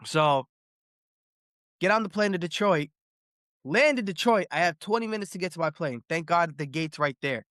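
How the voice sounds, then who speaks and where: A man hosting a casual sports podcast, telling stories in an animated way, swearing freely and repeating words. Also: a little high, normal speed, long pauses, dry recording, studio quality. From Boston area. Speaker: podcast host.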